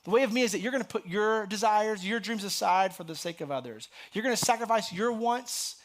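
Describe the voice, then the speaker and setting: A middle-aged man with a notably high voice delivers a casual, conversational sermon. He talks to the congregation like friends, then lifts into bright, emphatic bursts on scripture. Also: a little fast. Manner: conversational and animated, rising sharply on scripture. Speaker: pastor. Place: church sanctuary.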